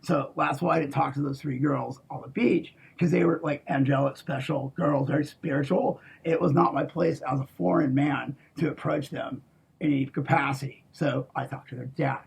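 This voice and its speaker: A man in a rambling, profane monologue who swings from hushed to shouting. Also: a little high, fairly even intonation, moderate pace, vocal fry, breathy edge.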